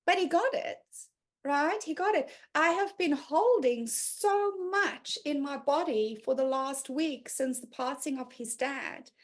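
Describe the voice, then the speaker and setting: A woman's voice: high voice, a little slow. A woman hosting an online group session over a video call, talking casually and openly, laughing often and acting out quoted voices.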